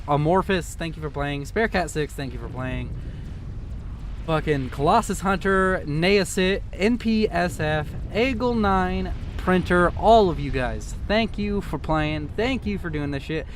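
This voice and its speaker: A young man casting a strategy video game, excitable and joking, swearing freely as he reacts to the action. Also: a little high, a little slow, a little hiss or hum. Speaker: game caster. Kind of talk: casual profane game commentary.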